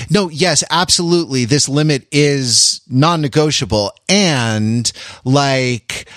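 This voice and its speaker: A man's voice: mid-range voice, fairly bright tone, no echo, studio quality. A man co-hosting a casual chat, rambling with many restarts and fillers. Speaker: podcast co-host.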